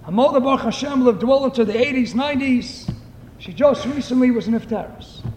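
A man giving an impassioned sermon full of stories that rises to shouts. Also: extremely high pitch, a little fast, a little hiss or hum. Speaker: preacher. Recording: echoey hall, faint ambience.

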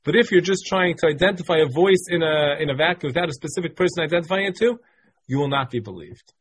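A man with a slightly high, husky voice teaches a text-based Talmud class. He reads short passages aloud, translates them, and walks through each point patiently, often repeating phrases. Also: expressive, fast.

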